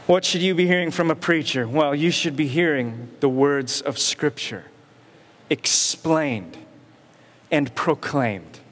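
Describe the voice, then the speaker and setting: A man's voice: fairly high pitch, slow, fairly bright tone, long reverb tail. A man preaching a sermon as pastor, with emphatic rhetorical questions and repetition. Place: church sanctuary.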